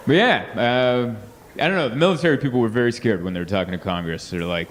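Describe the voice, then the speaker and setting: A man's voice: mid-range voice, normal speed, pauses often. Guy doing stand-up in a club, goes off on tangents, does voices and noises, crowd and room sound behind him. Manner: rambling, animated, acts out voices and sound effects. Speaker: stand-up comedian. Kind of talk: stand-up comedy set. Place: comedy club stage with a laughing audience. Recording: live club sound, reverberant hall, audience noise.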